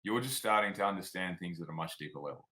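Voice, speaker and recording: Low-voiced aussie guy telling stories in an interview, punchy bright tone, blunt and plainspoken. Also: animated, quick pace, low-quality recording. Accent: Australian. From Australia. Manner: frank and plainspoken, drops "like" and "man". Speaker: guest, performance coach. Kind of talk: casual interview storytelling.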